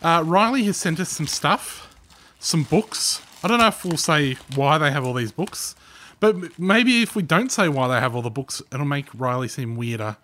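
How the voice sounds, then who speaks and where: A man's voice: on the high side, very animated, moderate pace, bright, forceful tone. A man, co-hosting a podcast, reading book titles aloud with dry asides. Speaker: podcast co-host. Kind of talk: casual chat.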